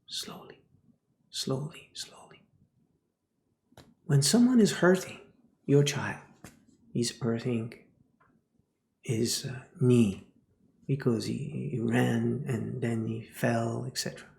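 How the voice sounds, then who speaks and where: A man teaches about spiritual matters at an unhurried, deliberate pace. His voice has a gravelly, creaky texture, and he often sinks to a near whisper for emphasis. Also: medium pitch, animated, darkish tone, reverberant. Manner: slow, often drops into a whisper.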